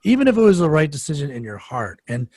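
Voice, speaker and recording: A man's voice: fairly high pitch, sing-song, fast talker, darkish tone, no echo. A man in a podcast interview, asking earnest, reflective questions. His voice sounds dry and close, with no room around it. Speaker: podcast host. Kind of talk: conversational interview.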